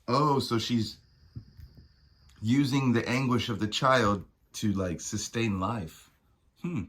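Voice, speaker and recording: Slow, husky man joking over a comic. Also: mid-range voice, fairly bright tone. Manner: joking asides, trailing off into mumbles. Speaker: comic reader. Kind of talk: casual comic reading with commentary.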